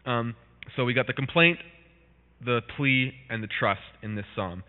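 A man gives a relaxed Bible teaching, chatting with plenty of fillers and restarts and reading scripture aloud with mounting intensity. His voice sits at an ordinary pitch for a man. The sound is thin and phone-like, with a long reverb trailing behind him. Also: normal speed. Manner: conversational, with many fillers and restarts.

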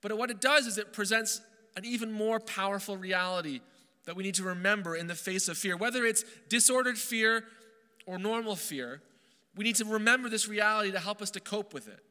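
A male pastor preaches in a high, very bright voice that rings through a reverberant hall. He is earnest and emphatic, slowing on key phrases and restarting words as he goes. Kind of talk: sermon.

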